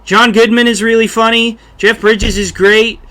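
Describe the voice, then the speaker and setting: Bright-voiced young man joking on a podcast. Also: very high-pitched, level tone, moderate pace. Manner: loose and joking, drops into celebrity impressions. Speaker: podcast host. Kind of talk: casual podcast chat.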